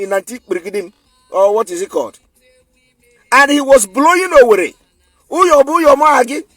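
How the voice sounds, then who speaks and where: A man's voice: high-pitched, no echo. A man with a Nigerian accent giving an emphatic, defiant online commentary, repeating his points for force. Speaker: political commentator.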